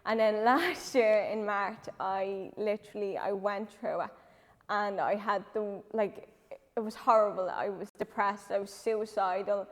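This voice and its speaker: A nervous woman close to tears tells her personal testimony in church, halting and full of "um" and "like". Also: a little high. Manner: halting, lots of "um" and "like". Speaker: church member giving testimony. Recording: reverberant church hall.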